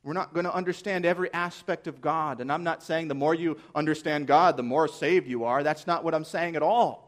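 A man's voice: on the high side, fairly quick. A man preaching a sermon as pastor, earnest and emphatic, posing rhetorical questions to his listeners.

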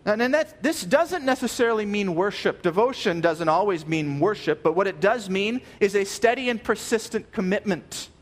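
High-voiced earnest male preacher. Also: lively intonation, moderate pace, few pauses. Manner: earnest, emphatic, repeats key phrases. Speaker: pastor. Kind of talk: sermon.

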